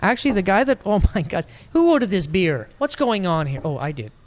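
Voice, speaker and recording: A man's voice: high voice, big pitch swings, fairly quick. A man co-hosting a podcast, joking and rambling through casual chat. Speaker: podcast co-host.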